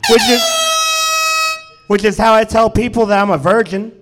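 A man's voice: sits high, fairly even intonation, moderate pace, a bit bright, faint music behind. A man in his twenties doing a profane, self-deprecating stand-up set at a comedy club. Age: 20s.

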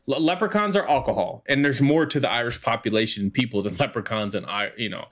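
A man chats on a podcast, circling his point with ums, false starts and "right?" tags. His voice sits at an ordinary middle pitch, neither high nor low. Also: lively intonation, quick pace, fairly bright tone. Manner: rambling, thinks aloud with many fillers and restarts. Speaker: podcast co-host. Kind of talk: casual podcast chat.

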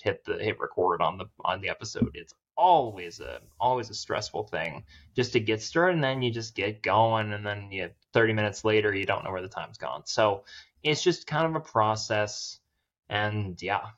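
Male podcast guest, low-ish voice, rambling and self-mocking, dull lo-fi audio. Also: animated, moderate pace, fairly bright tone. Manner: rambling, self-deprecating, laughs often. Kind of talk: casual chat.

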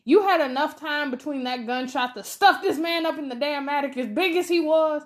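A woman with a high, light voice co-hosts a casual podcast review. She talks in an animated, exasperated rush, picking apart what she just watched. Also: normal speed. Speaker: podcast co-host. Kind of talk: casual movie review chat.

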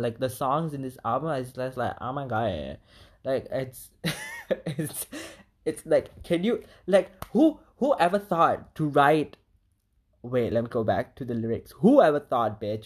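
Woman, animated casual chat, swears, laughs, sings bits of lyrics. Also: very deep voice, unhurried, breathy edge. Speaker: album reviewer.

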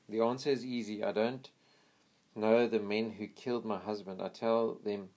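A man reading a memoir aloud in an earnest, steady way, now and then pausing to pray quietly. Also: lowish voice. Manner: earnest, pauses for quiet prayers. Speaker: reader of a missionary memoir.

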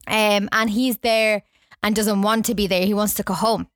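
A woman chats casually about a film, often giggling and acting out lines. Her voice sits at a middle pitch. The sound is dry and close. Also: steady tone, normal speed, fairly bright tone, no room sound. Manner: chatty, giggly, acts out lines. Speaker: podcast co-host. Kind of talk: casual movie review chat.

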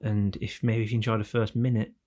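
A man's voice: on the low side, flat delivery, fairly quick, dark tone. A man hosting a podcast, chatting casually and swearing now and then. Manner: chatty, swears, mimics announcer voices. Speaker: podcast host.

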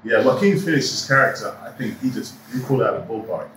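A middle-aged man, an actor and producer, telling animated anecdotes in an interview and acting out the quoted dialogue. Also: medium pitch, fast talker, distant mic, a little hiss or hum. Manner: animated storyteller who acts out quoted dialogue. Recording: echoey room, voice off-mic.

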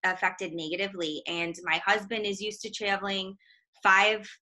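Bright-voiced chatty woman. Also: medium pitch, level tone, moderate pace. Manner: chatty, self-deprecating, laughs often. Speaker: guest, minister's wife and mother. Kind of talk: casual faith conversation.

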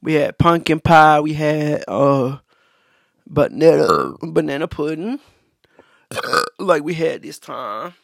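A man talks loosely into his own podcast, full of slang, fillers and restarts. His voice sits a little high with a gravelly rasp. The recording is dry and close. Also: lively intonation, slow, pauses often, no room sound. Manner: laid-back, slangy, many fillers and restarts. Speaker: podcast host. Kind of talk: casual storytelling monologue.

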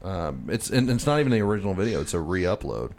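A man's voice: very animated, fast talker, darkish tone. A man co-hosting a comedy podcast, swearing freely and laughing often as he chats. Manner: profane, laughs often, swings his pitch animatedly. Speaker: podcast co-host. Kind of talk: casual comedic chat.

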